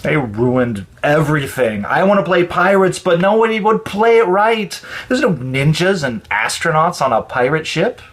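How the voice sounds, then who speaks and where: A man's voice: high-pitched, moderate pace, a bit bright, voice pushed up. A man doing a bossy little pirate boy. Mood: sulky. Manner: eager, then grumpy and sulky. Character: bossy young boy playing pirate captain.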